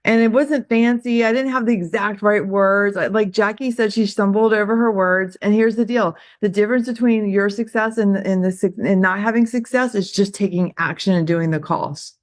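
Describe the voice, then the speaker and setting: A woman's voice: medium pitch, normal speed, few pauses, no room sound, studio quality. An older woman who hosts a group call and gives a casual motivational talk, chatty and laughing at herself.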